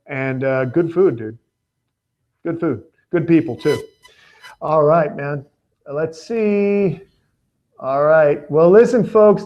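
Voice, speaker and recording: A man's voice: on the high side, lo-fi sound. A man hosting a live question-and-answer stream, laid-back and casual, calling viewers dude and man. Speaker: host.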